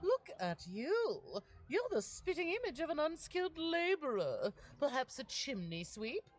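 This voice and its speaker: A woman's voice: high-pitched, big pitch swings, unhurried, soft background music. An actress playing a snobbish, condescending aristocratic lady in a game, speaking primly and lecturing.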